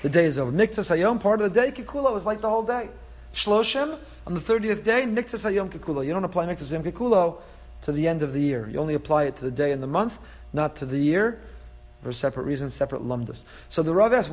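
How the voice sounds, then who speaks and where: High-voiced man teaching a Torah class. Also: quick pace. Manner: animated, explanatory, full of Hebrew terms.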